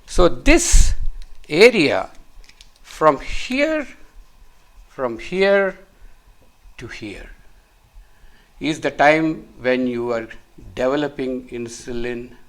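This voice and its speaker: Higher-voiced man drawing a medical lesson. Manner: explains step by step while drawing, repeats words for emphasis. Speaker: physician teaching. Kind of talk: whiteboard medical lecture.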